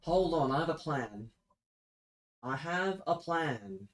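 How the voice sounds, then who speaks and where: A young man rants to his live chat with sarcastic, exasperated profanity. His voice sits fairly high, and he drags out his words in a slow, drawn-out way. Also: animated, low-quality recording. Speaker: streamer. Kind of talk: live-stream rant to chat.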